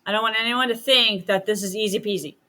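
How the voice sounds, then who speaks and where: A woman's voice: medium pitch, quick pace, bright, forceful tone. A middle-aged woman talking as a podcast guest, a medium and healer who chats casually and acts out quoted dialogue as she tells stories.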